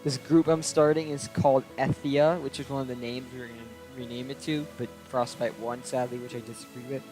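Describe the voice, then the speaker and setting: A man's voice: mid-range voice, little pitch movement, brisk, poor audio. A young man vlogging a casual storytime rant, aggrieved and swearing freely as he recounts a falling-out. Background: soft background music.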